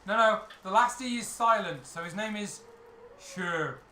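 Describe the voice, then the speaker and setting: A man narrating a tabletop game as dungeon master, explaining rules and describing scenes in a relaxed way. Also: sits high, normal speed. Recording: echoey room, mic from some distance, faint noise.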